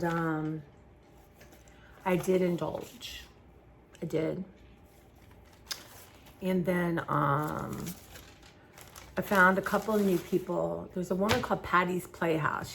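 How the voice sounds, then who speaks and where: A woman's voice: fairly low pitch, vocal fry, slight background noise. A woman from southern Maryland chatting casually to her viewers while she paints, rambling and trailing off mid-sentence. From southern Maryland, USA. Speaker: YouTuber.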